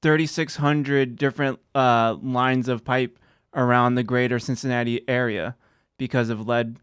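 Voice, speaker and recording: Male podcast producer, matter-of-fact, smooth resonant tone, medium pitch. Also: moderate pace, no room sound, clean studio sound. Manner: calm, matter-of-fact, reads out search results. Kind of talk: casual chat.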